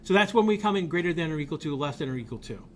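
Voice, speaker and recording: In a recorded college game development lecture, a man with a fairly high, expressive voice races through the material informally, thinking aloud and often repeating himself as he works through each point. He's blunt about tools he dislikes, and slight background noise is audible.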